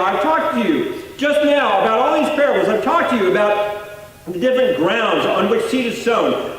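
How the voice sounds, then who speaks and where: A man preaching a sermon in a conversational, explaining way, often rephrasing and repeating himself. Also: high voice. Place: church sanctuary. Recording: echoey hall, voice from a distance.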